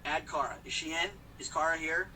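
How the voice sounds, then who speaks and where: A man's voice: a little high, brisk, pushed and bright, recorded from a distance, a little hiss or hum, low-quality recording. A man chatting casually on a live stream while he drives, joking and rambling to his viewers. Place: in a car. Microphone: phone.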